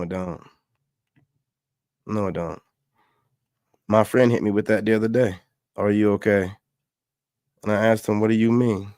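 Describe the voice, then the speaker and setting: A man's voice: on the low side, a little mellow, no room sound, clean studio sound. A man hosting a reaction show, talking bluntly and with profanity. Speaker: commentary host. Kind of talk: casual reaction commentary.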